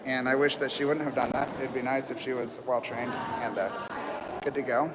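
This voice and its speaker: A man hosting a live stream at a horse rescue, talking calmly and rambling with many fillers, recorded outdoors among people. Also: medium pitch, brisk, big-room sound, heavy background noise. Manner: calm, rambling, soft-spoken with fillers. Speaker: livestream host at horse rescue. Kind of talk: live commentary.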